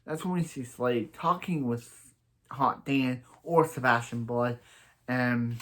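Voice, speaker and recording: A man's voice: medium pitch, slow, fairly bright tone. A man casually recapping a TV episode as a reviewer, rambling through restarts and giving blunt opinions. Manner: rambling, stumbling over restarts.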